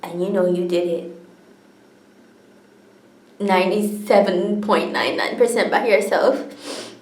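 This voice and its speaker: A young adult woman vlogs from the floor of an echoey room, speaking slowly at medium pitch with a steady tone. She tells her own story to camera candidly and earnestly, often tearing up and laughing as she goes.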